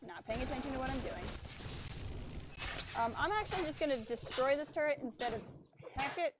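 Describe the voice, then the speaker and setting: A fairly high-voiced woman chatting her way through a game stream. She explains mechanics and heckles the enemies. A faint hiss sits under her voice. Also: lively intonation, fairly quick. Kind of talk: casual gameplay commentary.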